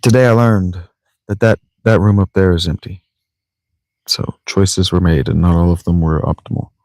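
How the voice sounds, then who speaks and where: A man's voice: deep voice, fairly even intonation, moderate pace, a little mellow, no room sound. A man giving casual, rambling gameplay commentary from a sleeping bag in a tent, joking to himself and mispronouncing words on purpose. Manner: rambling, joking self-talk with playful mispronunciations. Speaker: let's play streamer.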